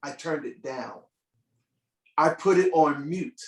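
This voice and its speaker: A man, a musician teaching children over a video call, telling a story in a playful, expressive way and asking the audience questions, with piano behind him. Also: fairly high pitch, takes it slowly. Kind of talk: animated storytelling workshop. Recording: echoey room audio from far off.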